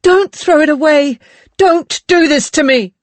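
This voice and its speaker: Reader doing sobbing, shrieking young woman, very high and loud, close dry sound. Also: measured pace, no room sound. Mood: anguished shouting. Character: young woman screaming in jealous despair.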